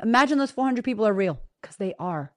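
A woman hosting a podcast in a casual motivational monologue, blunt and profane, talking straight to her listeners with energetic emphasis. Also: medium pitch, quick pace, no echo, studio quality. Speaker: podcast host and business coach.

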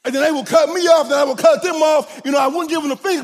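A man preaching a sermon, swinging from loud shouted points to hushed asides. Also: extremely high pitch, fairly even intonation, fast talker. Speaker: pastor. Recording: long hall reverb.

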